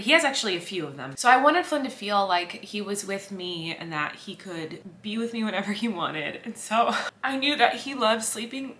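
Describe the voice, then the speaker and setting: A woman's voice: medium pitch, pushed and bright. A woman in her thirties vlogging casually from a hotel room, rambling and talkative with lots of fillers. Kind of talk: casual chatty vlog.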